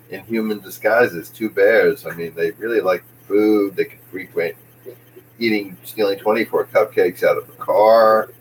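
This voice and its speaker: Rambling low-voiced man joking. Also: a little hiss or hum, poor audio. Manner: rambling, tangent-prone, jokey. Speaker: comedian host. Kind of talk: rambling comic monologue.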